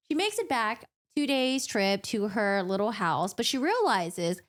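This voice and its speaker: A young woman in a casual book recap, chatty, animated and jokey. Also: mid-range voice, a little slow, hardly any pauses, faint music behind. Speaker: book vlogger.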